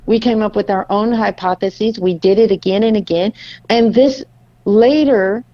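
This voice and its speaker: A woman's voice: medium pitch, moderate pace, dull audio. A woman co-hosting a podcast, telling a story in casual chat and acting out her family's lines. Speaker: podcast co-host.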